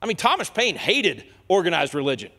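A man preaches with fire from the pulpit, his voice high and lively as it leaps up and down. He drops to quiet asides, then rises to bright, forceful declarations. A long reverb trails each phrase through the church. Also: brisk. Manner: impassioned, swings from soft asides to loud declarations. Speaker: guest speaker. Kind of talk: fiery sermon. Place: church sanctuary.

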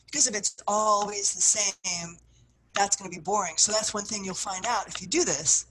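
Expressive woman leading a writing workshop. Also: medium pitch, normal speed, slight background noise, low-quality recording. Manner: expressive, acts out what she describes, soft trailing phrases. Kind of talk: guided workshop instruction.

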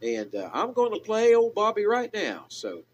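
A man's voice: sits high, huge pitch swings, moderate pace, lo-fi sound. A man hosting a radio show, chatting casually with a caller in a Southern hill-country accent, rambling with many restarts. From American South. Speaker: radio host. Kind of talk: casual on-air chat with a caller.

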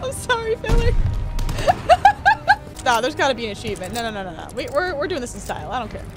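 A woman streamer giving casual, excitable commentary as she plays a shooter, laughing often and talking to the game. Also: high voice, normal speed. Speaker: gaming streamer. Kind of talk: casual let's-play commentary. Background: game music and gunfire.

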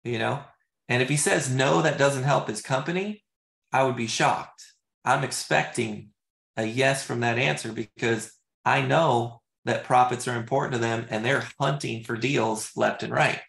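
A man working as a real estate agent, teaching in a loose, casual way, full of fillers like "you know" and "like", and trying sales questions out loud. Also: medium pitch, fairly even intonation, moderate pace, vocal fry. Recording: roomy echo.

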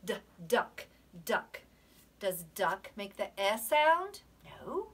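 A breathy woman teaching preschoolers at an unhurried pace, drawing out each letter sound and dropping into soft asides. Her voice sits a little back from the microphone. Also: mid-range voice, big pitch swings. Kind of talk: recorded preschool lesson. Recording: voice from a distance.

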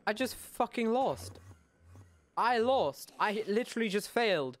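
Teen male gamer, fairly high voice, curses freely, mutters then yells, faint hiss behind. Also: animated, a little slow. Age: late teens. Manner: swears a lot, swings from loud outbursts to mumbled asides. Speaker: gaming YouTuber. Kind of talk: gameplay commentary.

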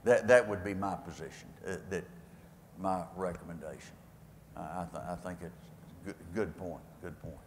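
An older man with a West Texas accent, speaking as a guest, spins folksy, rambling stories full of homespun sayings for a live audience. His voice is low and his speed normal. The recording comes from an echoey hall with faint ambience and a noisy background.

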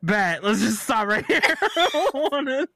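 A woman's voice: on the high side, big pitch swings, a little slow, fairly bright tone, slight background noise. A young woman streaming a game, giggling, protesting and reading chat aloud.

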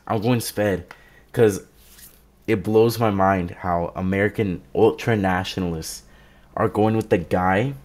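A man delivering a casual opinion rant for his channel, rambling, sarcastic and often correcting himself. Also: deep voice. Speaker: political commentary vlogger.

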